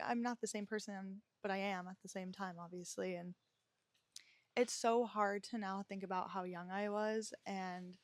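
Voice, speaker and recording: A woman's voice: medium pitch, no room sound. A young woman in her twenties talks openly and emotionally, working her way through a personal story with plenty of fillers, restarts and self-corrections. Her voice sits in an ordinary middle register, recorded close and dry with no room sound. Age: 20s. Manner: candid, emotional, rambling with many fillers and restarts. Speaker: podcast host.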